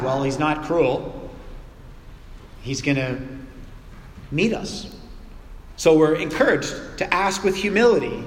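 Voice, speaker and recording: A man giving a sermon as a pastor in a church, talking in a relaxed, conversational way with everyday examples and playful asides. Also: fairly high pitch. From North America. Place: church sanctuary. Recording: echoey church hall with long reverb.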